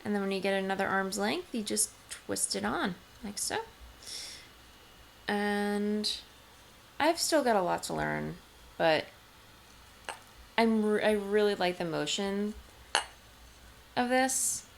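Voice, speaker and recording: Woman, home craft vlog host, casual rambling chat, gravelly fry, faint background noise. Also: medium pitch, animated, slow, long pauses. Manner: chatty, rambling, many ums and restarts. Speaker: knitting podcast host. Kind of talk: casual show-and-tell vlog. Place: home, seated indoors.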